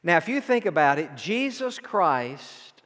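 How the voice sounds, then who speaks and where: A man preaching an evening sermon, reading scripture slowly and emphatically and asking the congregation to repeat a phrase. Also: a little high, big pitch swings, a bit bright. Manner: slow, emphatic delivery with drawn-out scripture quotes. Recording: long hall reverb.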